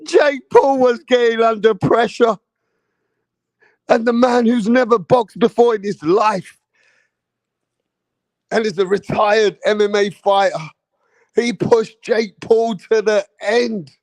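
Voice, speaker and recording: A young man talks through a boxing fight in loose, excitable, slang-heavy commentary. His voice sits high and his pace is unhurried. The recording is dry and close. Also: no room sound. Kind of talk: casual reaction commentary.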